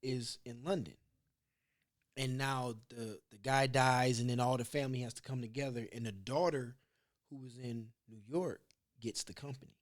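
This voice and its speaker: A man's voice: medium pitch, steady tone, normal speed. A man hosting a podcast, telling rambling, profane stories in casual chat. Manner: rambling storyteller, loose and profane. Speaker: podcast host.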